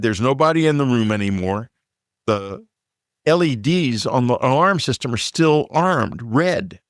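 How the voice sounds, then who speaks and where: Texan man calmly recounting a night's events. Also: medium pitch, dry recording, clean studio sound. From Texas. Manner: unhurried, plain storytelling with fillers and asides. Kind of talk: personal story told in conversation.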